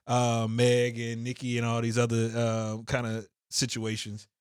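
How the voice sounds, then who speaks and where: A man co-hosting a podcast in casual chat, giving quick agreement and laughing easily. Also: mid-range voice, monotone, smooth, no room sound, clean studio sound. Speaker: podcast co-host.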